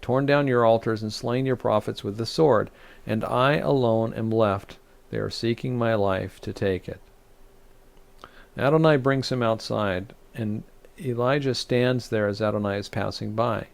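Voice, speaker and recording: A man's voice: lowish voice, vocal fry. A man, a rabbi, teaching a Torah study, reading scripture aloud and explaining it with frequent restarts and fillers.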